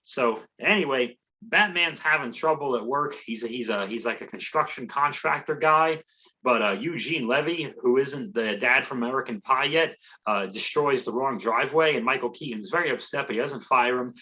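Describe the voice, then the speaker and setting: A man's voice: medium pitch, moderate pace, pushed and bright. Guy on a comedy podcast rambling sarcastically through a movie plot, kinda dull audio. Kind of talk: casual comedic movie recap.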